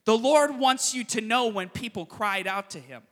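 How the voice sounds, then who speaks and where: A man preaching a sermon as pastor, telling the story with sudden loud emphasis and quiet, quick asides. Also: very high voice, big-room sound. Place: church sanctuary.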